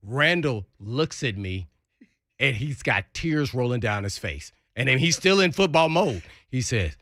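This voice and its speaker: Male storyteller on sports radio, bright and dry, acts out quotes. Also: unhurried, no echo. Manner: lively storyteller acting out quotes with big pitch jumps. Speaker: former NFL player telling a locker-room story. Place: radio studio.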